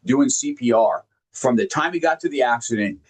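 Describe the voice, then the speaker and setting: A man's voice: medium pitch, lively intonation. Earnest man telling heartfelt personal stories. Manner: earnest, halting, repeats words when moved; emphatic, directly addresses listeners. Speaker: motivational speaker. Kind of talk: heartfelt storytelling talk.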